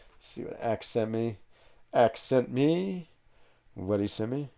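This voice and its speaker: A male game streamer in casual livestream chat, talking with his viewers in an upbeat, chatty way. His voice sits on the low side with a dark, mellow tone, and faint music plays underneath. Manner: chatty and upbeat, laughs often.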